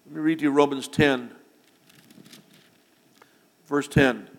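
A man preaching a sermon to his congregation, building to loud, emphatic declarations. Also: medium pitch, fairly even intonation, slow pace, big-room sound. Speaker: pastor. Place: church sanctuary.

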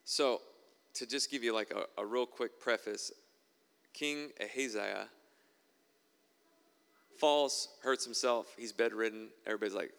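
Gravelly man preaching in a reverberant hall. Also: lowish voice, a little slow, pauses often, fairly bright tone. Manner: conversational, wry asides between readings. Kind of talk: sermon with scripture reading.

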